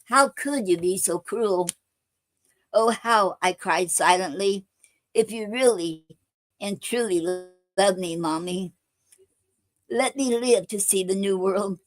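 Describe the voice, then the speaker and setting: A woman hosting a poetry livestream, reading her own poems slowly with many fillers and restarts. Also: mid-range voice.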